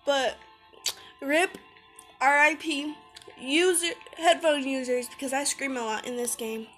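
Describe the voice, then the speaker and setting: A woman's voice: sits high, steady tone, measured pace, a bit bright, soft background music. A woman hosting a gameplay video, chatting casually in a slangy, playful way. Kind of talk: casual gaming chat.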